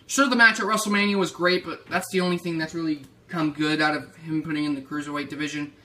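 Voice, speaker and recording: Bright-voiced man ranting on his vlog. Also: fairly high pitch, fast talker, a little hiss or hum. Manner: profane, excitable ranting. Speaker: wrestling YouTuber host. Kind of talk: casual prediction vlog rant.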